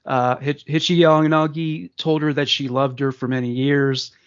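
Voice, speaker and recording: A man's voice: on the high side, little pitch movement, unhurried, clear, resonant tone, muffled recording. A man co-hosting a podcast, reading a crime news story aloud with frequent fillers and casual asides. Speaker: podcast co-host.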